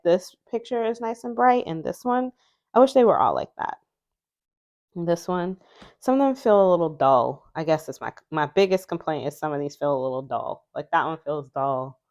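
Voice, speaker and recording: A woman's voice: fairly low pitch, lively intonation, normal speed. Chatty woman musing over oracle cards. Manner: musing, chatty, reads card words aloud. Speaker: oracle deck reviewer. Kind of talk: casual unboxing chat.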